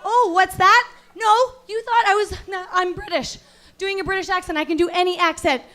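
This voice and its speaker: High-voiced woman doing stand-up crowd work. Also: fairly even intonation, moderate pace. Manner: mock-serious acting teacher, bursts into outraged yelling. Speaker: stand-up comedian. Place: comedy venue stage.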